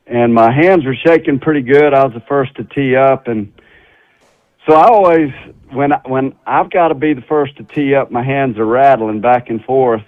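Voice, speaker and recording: A middle-aged man, a former tour golfer, telling a folksy, animated story as a guest on a radio talk show. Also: medium pitch, no room sound. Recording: slightly dull radio sound.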